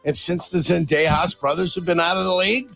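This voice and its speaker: A man's voice: high-pitched, steady tone, brisk, creaky, a bit bright, soft background music. A man co-hosting a sports radio show, teasing his partner in a dry way. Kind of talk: casual sports radio banter.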